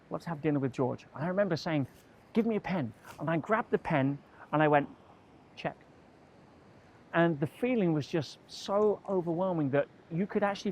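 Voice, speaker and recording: Man from England, motivational speaker, mid-high voice; lively anecdote delivery, faint ambient room tone behind. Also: a little hiss or hum. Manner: animated, acts out dialogue in quoted voices. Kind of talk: storytelling to camera.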